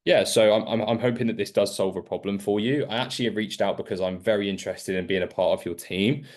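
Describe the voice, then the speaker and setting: Male sales coach, low voice, frank and direct, long-winded explainer. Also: fast talker, darkish tone. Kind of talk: coaching call advice.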